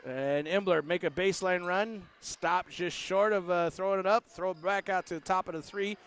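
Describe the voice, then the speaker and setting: A man giving casual play-by-play of a high school basketball game, joking and voicing what the players might be saying. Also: steady tone, moderate pace, a bit bright, smooth. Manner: joking, voices the players' imagined words. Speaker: play-by-play announcer. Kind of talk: casual sports commentary.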